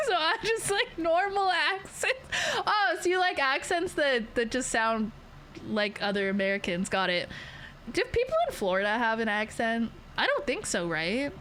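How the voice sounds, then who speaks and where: A woman's voice: fairly high pitch, a bit bright, a little hiss or hum. A young Canadian woman with a Canadian accent, chatting casually and rambling with her stream viewers, giggling often.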